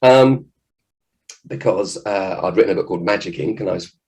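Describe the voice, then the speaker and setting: A man, a children's author, giving a lively, jokey talk to children at an event. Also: sits low, normal speed, poor audio. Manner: animated, jokey, acts out scared voices.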